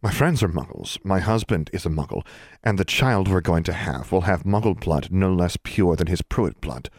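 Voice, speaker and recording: A man voicing a determined young woman who speaks firmly and in a measured way, close to his own low voice. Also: lively intonation, a little mellow, no room sound. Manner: firm, measured, near the reader's own voice.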